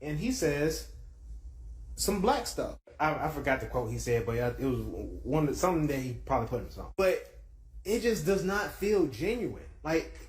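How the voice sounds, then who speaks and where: A man in a commentary clip, lively and asking rhetorical questions. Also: fairly high pitch, normal speed. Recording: echoey room.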